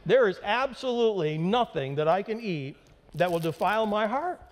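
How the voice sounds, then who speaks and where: A man's voice: sits high, lively intonation, moderate pace. A male pastor giving a sermon, emphatic and conversational with dry humor. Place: church sanctuary. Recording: long hall reverb in a church.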